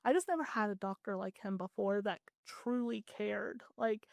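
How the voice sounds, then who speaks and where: A woman's voice: medium pitch, moderate pace, vocal fry, dry recording. A woman guest on a podcast, earnestly retelling her story in casual talk with lots of "like"s. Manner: earnest, animated retelling with many "like"s.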